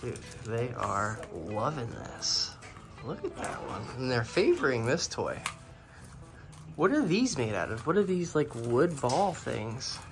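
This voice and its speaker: A man's voice: medium pitch, sing-song, takes it slowly, vocal fry, poor audio. A man chatting casually in a vlog, talking playfully to his pet birds in an outdoor enclosure. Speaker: bird owner and channel host.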